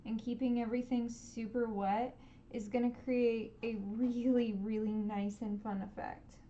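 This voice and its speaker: A woman streaming a live painting lesson, gently encouraging viewers and making playful sound effects as she paints. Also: a little high, little pitch movement, measured pace, muffled recording, slight background noise.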